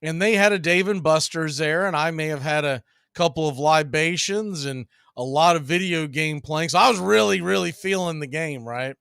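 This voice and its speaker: Man, middle-aged, chatty play-by-play, slightly high voice, laughs through anecdotes. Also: normal speed, gravelly, fairly bright tone, clear, resonant tone, no echo, clean studio sound. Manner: chatty, laughs while telling stories between pitches. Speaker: baseball play-by-play streamer. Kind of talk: casual play-by-play with storytelling.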